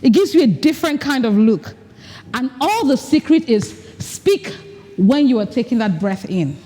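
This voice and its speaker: A woman with a high, mellow voice leads a workshop, acting out each point with her own voice and breath. The sound rings with the long echo of a large hall. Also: very animated, moderate pace. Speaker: leadership coach. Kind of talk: workshop talk.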